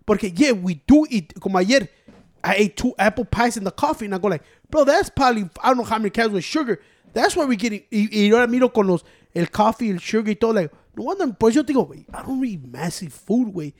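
Fast-talking man. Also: high-pitched, animated, dry recording, clean studio sound. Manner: mixes Spanish and English, swears, gets loud and worked up. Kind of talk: casual chat.

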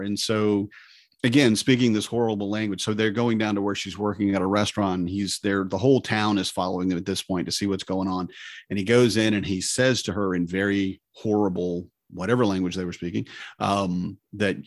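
Male co-host, lowish voice, animated storyteller, dry close sound. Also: fairly quick, dry recording. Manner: animated storyteller, acts out characters' lines. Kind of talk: casual chat, retelling a movie.

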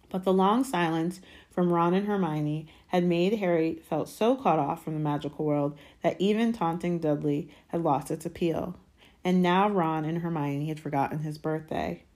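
A woman reading a novel chapter aloud in a calm, steady storytelling manner. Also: deep voice. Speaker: audiobook reader.

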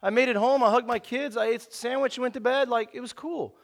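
High-voiced, laid-back man preaching. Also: steady tone, fast talker. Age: 30s. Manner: laid-back, conversational, says "man" a lot. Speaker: pastor. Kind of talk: casual sermon.

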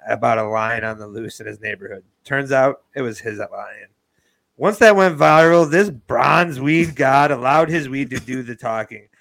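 A man in casual comedic chat, jokingly hyping up an invented character with crude humor. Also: fairly bright tone. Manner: mock-hyped, jokey pitch of an invented character.

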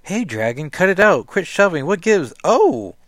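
An upbeat young woman hero who talks a friend down with eager reassurance, voiced by a man reading a comic aloud. The delivery sits a bit higher and louder than plain talk. It is recorded dry and close. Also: moderate pace, no room sound, natural voice. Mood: annoyed.

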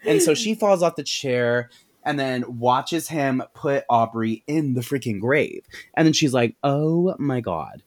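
A man hosting a podcast, giving a casual, animated movie recap full of swearing and "like"s. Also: mid-range voice, measured pace. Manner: animated, profane storytelling with many "like"s. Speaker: podcast host.

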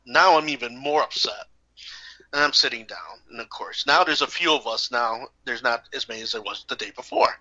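Bright-voiced man telling a lively story. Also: medium pitch, fairly quick, dull audio. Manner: animated, acts out the characters. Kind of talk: casual anecdote.

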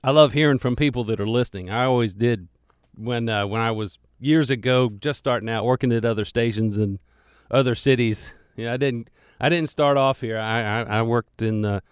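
A man's voice: mid-range voice, normal speed, clear, resonant tone, dry recording. A man producing a radio show, chatting casually and digressing as he records a podcast alone in the studio. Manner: chatty, digressive, self-deprecating, repeats words. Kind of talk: rambling casual monologue. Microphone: studio microphone.

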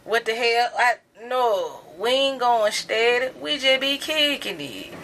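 A woman's voice: on the high side, unhurried, a bit bright. A woman co-hosting a casual podcast chat, playful and emphatic with a sassy edge. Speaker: podcast co-host.

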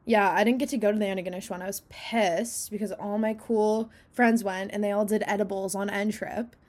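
A woman's voice: mid-range voice, steady tone, fairly quick, a little mellow, slight background noise. A young woman co-hosting a podcast in casual chat, giggly and rambling after a few drinks. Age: young adult. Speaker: podcast co-host.

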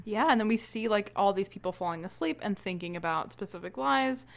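A woman co-hosting a podcast in casual chat, excitable and laughing often, swearing freely. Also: medium pitch, a little fast, gravelly. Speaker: podcast co-host.

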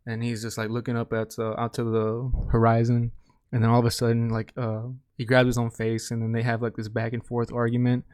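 A man talks through an anime episode in a loose, rambling way, with a flat, even delivery. His voice is mellow and smooth, recorded dry and close with no room sound. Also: mid-range voice, a little fast, no echo. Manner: rambling, many restarts and fillers. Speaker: anime reviewer. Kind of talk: casual episode recap.

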